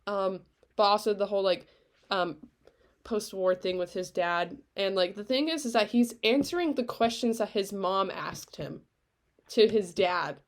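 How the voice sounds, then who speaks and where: A woman co-hosting a casual podcast, talking in an animated way, swearing freely, often trailing off and starting over. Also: mid-range voice, a little slow. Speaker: podcast co-host. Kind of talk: casual chat.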